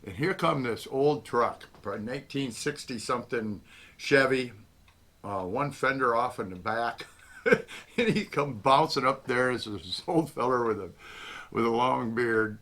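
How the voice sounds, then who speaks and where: An older man spins a casual, rambling yarn about past days, folksy and quick to chuckle. His voice comes across bright and forceful, with a ringing edge. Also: mid-range voice. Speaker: host. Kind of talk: casual reminiscing storytelling.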